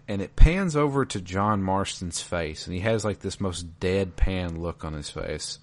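A man from the American South talks through a video game in a loose, rambling podcast chat. His voice sits low, and he fills pauses with frequent uhs and ums. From Georgia, US South. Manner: relaxed, rambling with many fillers. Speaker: podcast co-host.

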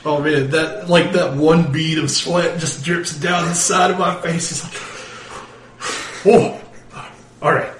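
A man playing a tabletop game, excitable and stammering, quick to laugh. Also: on the high side, distant mic. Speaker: player. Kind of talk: casual tabletop play. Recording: echoey room with faint noise.

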